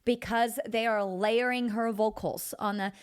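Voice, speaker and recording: A woman vocal coach giving a casual singing lesson, chatty and expressive, thinking aloud as she teaches. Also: fairly high pitch, unhurried, smooth.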